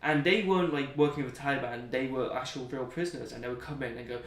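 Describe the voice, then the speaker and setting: A man's voice: mid-range voice, quick pace, a bit bright. A young man chatting as an interview guest, telling rambling anecdotes and often laughing at them. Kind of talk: casual storytelling. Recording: roomy, distant mic.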